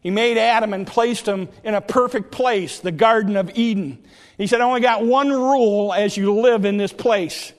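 A man's voice: high voice, normal speed. A man preaching a sermon as pastor, in a folksy, conversational way with frequent hesitations. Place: church sanctuary. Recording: long hall reverb.

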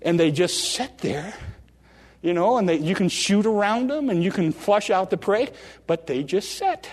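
A man preaching a sermon from the pulpit in a folksy, animated way, often restarting phrases and slowing down for drama. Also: sits high. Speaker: pastor. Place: church sanctuary. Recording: long reverb of a large hall.

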